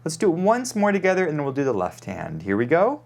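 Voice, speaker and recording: A man's voice: fairly high pitch, wildly swooping pitch, quick pace, vocal fry. A man giving a piano lesson, calling out note names and fingerings as he plays, checking in with the student. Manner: calls out note names while playing, frequent "okay?" check-ins. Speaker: piano teacher. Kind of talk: piano lesson, demonstrating at the keyboard. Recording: loud piano playing under the voice.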